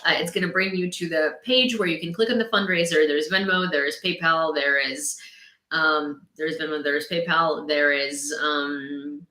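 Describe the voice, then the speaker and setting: A young woman with a Ukrainian accent chats casually on a live stream, laughing often. Her voice is bright and forceful. The room around her echoes. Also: deep voice, fairly even intonation, normal speed. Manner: chatty, laughs often, talks to her dog. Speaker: host of a live news stream. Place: home room.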